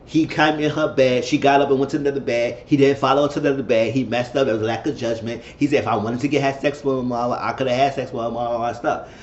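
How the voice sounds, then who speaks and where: Animated man recapping in an echoey room. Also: mid-range voice, fast, few pauses, slight background noise. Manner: animated, acts out quoted dialogue. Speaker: show reviewer. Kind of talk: casual reality TV recap. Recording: echoey room, slightly dull sound.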